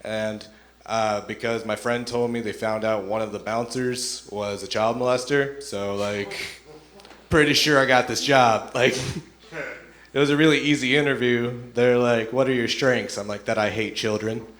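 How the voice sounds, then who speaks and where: A young man performing a stand-up comedy set, telling stories in a relaxed way and acting out the voices of the people in them. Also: medium pitch, unhurried. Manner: laid-back storytelling, acts out voices of people in his stories.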